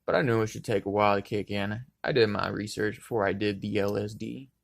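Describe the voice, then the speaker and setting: Gravelly young man telling a story. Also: on the low side, fairly even intonation, a little fast. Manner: laid-back, profane, rambling. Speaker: vlogger. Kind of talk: casual storytelling.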